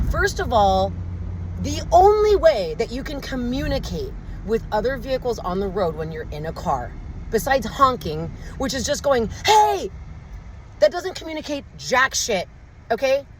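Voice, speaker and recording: A woman's voice: on the high side, big pitch swings, moderate pace, a little hiss or hum, poor audio. Angry, swearing woman ranting while driving. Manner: profane, exasperated ranting. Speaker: vlogger. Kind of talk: angry rant to camera. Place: inside a car while driving. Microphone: handheld phone camera.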